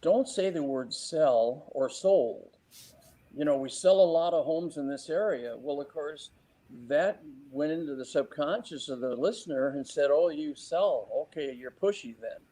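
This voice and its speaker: A man with a mellow, dark-toned voice shares sales tips in an interview. He talks lively and breaks into little acted-out client exchanges. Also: a little high, a little slow, rough recording. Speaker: real estate sales trainer. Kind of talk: interview advice.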